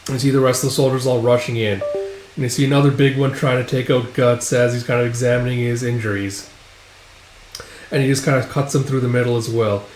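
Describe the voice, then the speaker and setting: A comics reader walks through a comic book page by page in a loose, filler-packed recap. His medium-pitched voice is flat, slightly mellow, and a little fast, with roomy echo and slight background noise.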